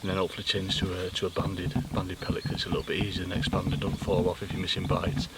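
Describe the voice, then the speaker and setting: Male angler-host, low-ish voice, banter-heavy, recorded outdoors on a distant mic with heavy noise. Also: completely flat delivery, quick pace, gravelly. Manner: jokey, matey banter. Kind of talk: chatty on-camera commentary. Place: outdoors at a fishing lake.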